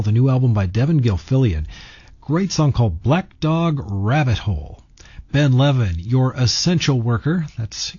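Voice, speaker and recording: A man's voice: mid-range voice, warm tone, breathy edge, dry recording, muffled recording. A man hosting a radio music show, announcing songs in a casual, rambling way with fillers. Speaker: radio host. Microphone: studio microphone.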